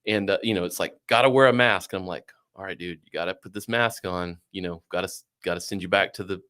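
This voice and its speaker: Low-voiced man telling a wild story. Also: fast. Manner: animated, swearing, acts out quoted voices. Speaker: podcast guest. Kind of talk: casual storytelling.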